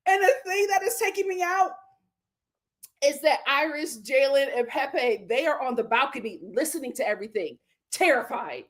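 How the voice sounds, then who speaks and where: A woman's voice: high-pitched, normal speed. An American woman hosting a reality show recap, telling it with dramatic flair and frequent laughter. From United States. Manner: animated, dramatic storytelling with laughter. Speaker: host.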